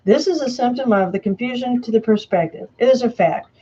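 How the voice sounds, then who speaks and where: A woman reading a prepared statement aloud, slowly and emphatically. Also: a little high, dark tone, breathy edge, muffled recording. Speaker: self-proclaimed Antichrist answering questions.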